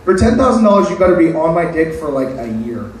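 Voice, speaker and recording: Brief: male open-mic comic, slightly high voice, crude self-mocking jokes, recorded from far back with faint room hum. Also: sing-song, fast talker, very echoey. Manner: crude, self-deprecating punchlines. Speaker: stand-up comedian. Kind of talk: open-mic stand-up set. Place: open mic night venue.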